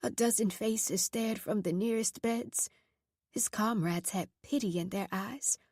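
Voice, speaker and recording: Husky woman reading an audiobook. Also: medium pitch, measured pace, a little mellow, no room sound, studio quality. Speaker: audiobook narrator. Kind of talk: scripted audiobook narration.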